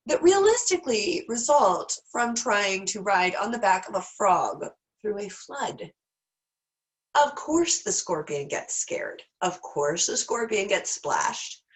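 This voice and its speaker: A woman's voice: medium pitch, low-quality recording. A woman teaching an online class in a candid, self-deprecating, rambling way, a little teary and stuffed up in the nose. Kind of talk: casual online class talk.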